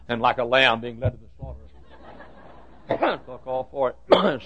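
Gravelly-voiced guy preaching to staff, funny folksy stories, kinda muffled old recording. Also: medium pitch, animated, a little slow, pauses often, a bit bright. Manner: humorous storytelling with self-deprecating asides. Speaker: preacher addressing church school staff. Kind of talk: folksy sermon talk. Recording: dull lo-fi recording.

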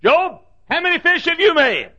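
A man's voice: extremely high pitch, big pitch swings, normal speed, pushed and bright, pitched above the performer's own voice, exaggerated voice. A man voicing God as a mighty male figure who puts challenging questions to a humbled man, on a dull lo-fi recording.

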